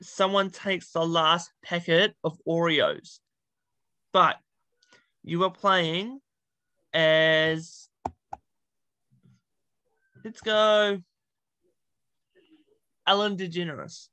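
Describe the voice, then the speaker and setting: Bubbly host in a dry close recording. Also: female voice, on the low side, steady tone, very slow, long pauses, fairly bright tone, clear, resonant tone, dry recording. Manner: bubbly, giggly, teasing. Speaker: interview host. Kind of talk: casual chat, party-game interview.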